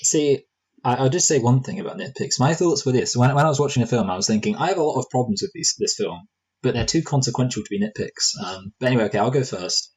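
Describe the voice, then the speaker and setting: A man's voice: medium pitch, expressive, quick pace, breathy edge, poor audio. A man co-hosting a casual film review podcast, rambling and joking with lots of fillers and restarts. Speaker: movie review podcast co-host.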